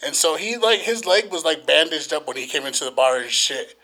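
A man with a fairly high, bright voice tells a rowdy story in casual podcast chat. He swears nonstop and acts out the lines of the people in it with lively energy. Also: brisk. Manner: animated, swears constantly, acts out quotes.

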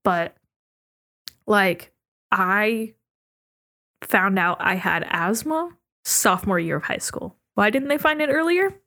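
A young woman talks as a guest in a relaxed podcast chat, rambling freely and breaking into giggles. Her voice sits at an ordinary middle pitch. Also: slow pace, long pauses. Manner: chatty and giggly, laughs often while talking. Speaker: podcast guest, architecture student. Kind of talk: casual chat.

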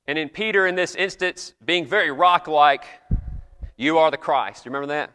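Bright-voiced male preacher in a reverberant chapel. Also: on the high side, normal speed, smooth. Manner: earnest storytelling preacher, retells scripture conversationally. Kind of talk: sermon.

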